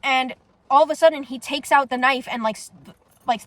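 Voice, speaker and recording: A woman's voice: sits high, steady tone, fairly quick, noisy background. A young woman from the United States telling a story in a casual monologue, blunt and profane. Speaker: vlogger.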